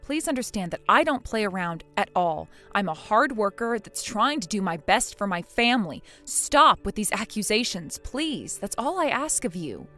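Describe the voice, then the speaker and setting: A woman's voice: mid-range voice, very animated, normal speed, hardly any pauses, pushed and bright, faint music behind. A woman voicing a weary young wife in a text-message drama, pleading and defensive.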